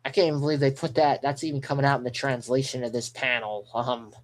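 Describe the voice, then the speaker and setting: A man giving live reaction commentary as a manga reaction streamer, excitable and rambling, with mild swearing. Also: medium pitch, fast.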